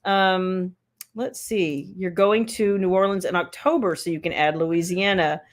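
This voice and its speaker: A woman's voice: on the low side, fairly even intonation, unhurried. A woman author hosting a casual live stream, chatting and teasing as she reads viewer comments aloud.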